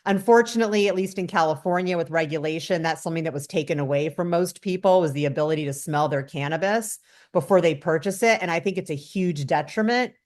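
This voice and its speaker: A woman's voice: lowish voice, fast. A woman guest on a casual podcast, explaining things and quoting others with animation. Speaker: guest cannabis educator.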